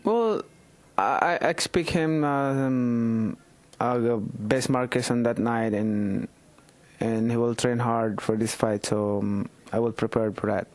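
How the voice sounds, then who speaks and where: A man's voice: mid-range voice, takes it slowly, darkish tone, no room sound. A man in his thirties with a Filipino accent, a boxer answering interview questions in a hesitant way with many fillers. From Philippines. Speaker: boxer and congressman, interview guest. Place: indoors in the Philippines.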